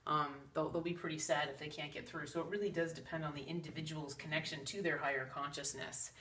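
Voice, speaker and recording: This psychic channel host discusses spiritual ideas to camera in a chatty, earnest manner with quoted asides. Her voice sits low with little pitch movement, quick, bright, and forceful, captured from a distance with roomy echo and slight background noise.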